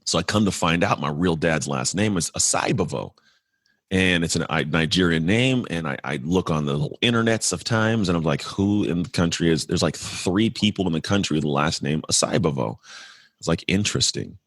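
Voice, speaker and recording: Low-voiced with lively intonation and a fairly bright tone, this man recounts his life candidly as a podcast guest. He's in his forties, from California, and speaks earnestly and reflectively, rushing ahead and restarting, with studio-quality sound and no room noise.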